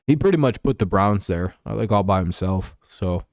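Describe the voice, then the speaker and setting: A man with a lowish, expressive, darkish voice chats casually about sports on his livestream at normal speed, rambling, swearing and chuckling as he answers his chat. The sound is clean and dry, studio quality.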